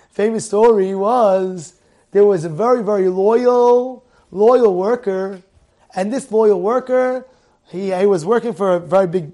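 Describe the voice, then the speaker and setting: A man teaching a Torah class in a lively storytelling way, repeating phrases and acting out the people in his stories. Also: high-pitched. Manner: animated, repeats phrases, acts out characters.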